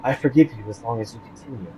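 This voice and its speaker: A man's voice: mid-range voice, fast talker, warm tone, a little hiss or hum, close to an everyday voice, poor audio. A man voicing a beautiful blue-skinned female water spirit who pleads and bewitches. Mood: coaxing. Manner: plaintive, questioning.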